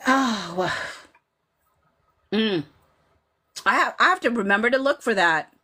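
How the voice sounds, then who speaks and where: A chatty woman in her thirties hosts a casual live stream and answers the chat as she goes. She talks in an animated way, padded with "like" and "you know," and slips into dramatic quotes from the scenes she is describing. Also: on the high side, takes it slowly. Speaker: podcast host reading live chat.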